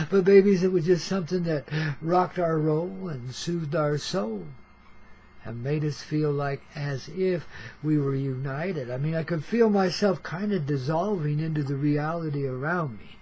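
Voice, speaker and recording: A man's voice: on the high side, dark tone, low-quality recording. An older man telling a rambling story as a radio storyteller, in laid-back hippie slang, calling his listeners baby and man. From Oregon. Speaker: storyteller host. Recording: faint background noise.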